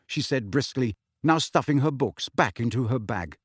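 A man's voice: medium pitch, normal speed, hardly any pauses, slightly rough, dry recording, clean studio sound. A man narrating a novel expressively as an audiobook reader. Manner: lively, expressive storytelling. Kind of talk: scripted narration.

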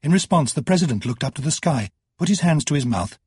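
Husky-voiced male audiobook narrator. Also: fairly high pitch, sing-song, darkish tone, no echo, clean studio sound. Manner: measured, dramatic storytelling. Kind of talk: scripted narration.

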